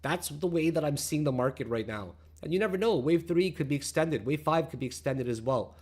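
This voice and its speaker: A brash man with a slightly raised voice hosts a crypto trading show. He talks crudely and bluntly, mocking panicked viewers with loud jeers, then settles into a calmer tone to walk through the charts. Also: brisk, breathy edge. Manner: calmer, lower explanatory tone while reading charts. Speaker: crypto trading channel host. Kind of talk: profane, excitable market commentary.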